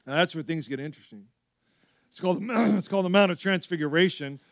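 A male pastor preaching a sermon, telling stories with lively asides to the church. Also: high-pitched, fast, gravelly, no echo, clean studio sound. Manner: animated storytelling with frequent asides.

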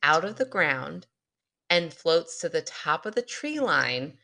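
A woman with a low but bright, forceful voice co-hosts a podcast. She reads a listener's eerie story aloud, chatting casually between lines. She laughs often and slows down for the suspenseful moments. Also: very animated, creaky. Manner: laughs often, dramatic pauses in the spooky parts. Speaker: podcast co-host.

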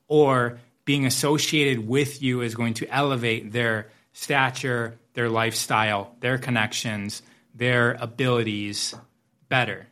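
A man's voice: mid-range voice, fairly bright tone. Man giving a motivational coaching talk. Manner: reflective, speaks in metaphors with repeated phrases. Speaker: business coach.

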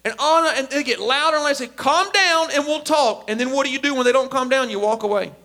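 A man preaching a sermon as a pastor, emphatic and animated. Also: extremely high pitch, very fast, gravelly. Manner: animated, emphatic, acts out quotes.

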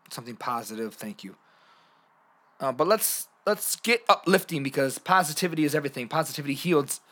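Bright-voiced man hosting a podcast. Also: fairly high pitch. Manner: animated, playful, jumps between hushed and loud. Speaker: podcast host. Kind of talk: motivational podcast monologue.

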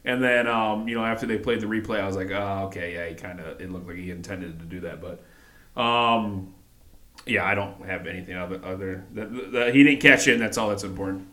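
Casual low-voiced man with hesitant chatter. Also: fairly quick, sharp tone, roomy sound. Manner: hesitant, many fillers and restarts. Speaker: podcast co-host. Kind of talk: casual wrestling recap chat.

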